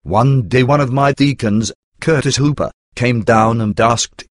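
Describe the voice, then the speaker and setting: A man reading a religious testimony aloud in a steady, earnest way. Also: medium pitch, unhurried, dry recording, clean studio sound. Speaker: reader. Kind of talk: scripted narration of a religious testimony.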